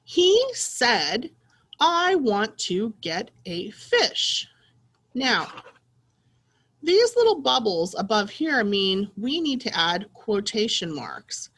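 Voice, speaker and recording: A woman teacher with a husky voice, reading slowly and in a sing-song way with young children. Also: mid-range voice, fairly bright tone. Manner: slow, sing-song, encouraging teacher talk.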